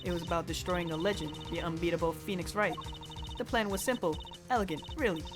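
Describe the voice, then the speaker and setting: A woman's voice: fairly low pitch, fast, music in the background, close to an everyday voice. A woman voicing a brash, confident con-artist card dealer with a put-on New York accent.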